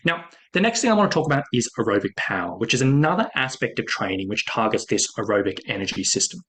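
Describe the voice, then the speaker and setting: Fast-talking casual male fitness coach. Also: medium pitch, sing-song, a bit bright, slight background noise. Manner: quick, casual and repetitive, stacking "really, really" and "essentially". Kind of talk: explaining a training method to hikers.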